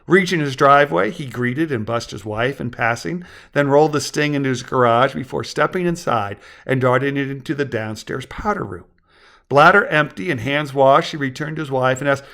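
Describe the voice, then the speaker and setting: A man narrating his own story aloud with measured, wordy storytelling. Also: medium pitch, fairly bright tone. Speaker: author and narrator.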